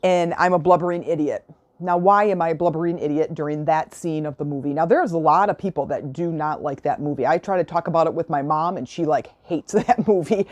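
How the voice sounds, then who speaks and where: A woman's voice: on the low side, mellow, dry recording. A woman hosting a solo podcast, retelling a film and urging listeners to be grateful, in an earnest, motivational, emotional way, close to the mic. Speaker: podcast host.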